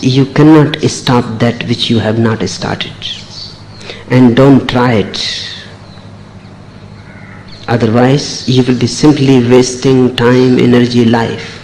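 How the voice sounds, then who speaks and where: A man delivers a spiritual discourse at an unhurried pace, each short phrase landing with weight. His pitch sits in an ordinary middle range. A faint hiss runs behind the old recording. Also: darkish tone, low-quality recording. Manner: slow, deliberate, emphatic short phrases. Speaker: spiritual teacher.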